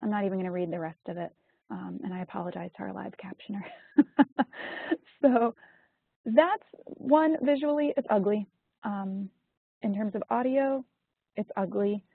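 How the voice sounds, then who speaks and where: Female webinar presenter, husky and explanatory, on a tinny dry line. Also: mid-range voice, normal speed, no echo. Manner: explanatory, frequent ums and you-knows. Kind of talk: webinar lesson.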